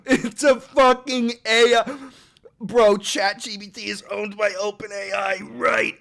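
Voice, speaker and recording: A man live-streaming and reacting to his chat, excitable and profane, bursting into shouts and repeating words in rapid strings. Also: very high-pitched, gravelly.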